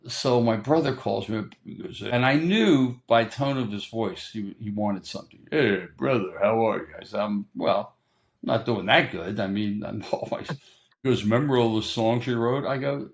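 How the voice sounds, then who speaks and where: An older man, a guest in an interview, telling a story in a casual, animated way and acting out what other people said. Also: fairly low pitch, normal speed.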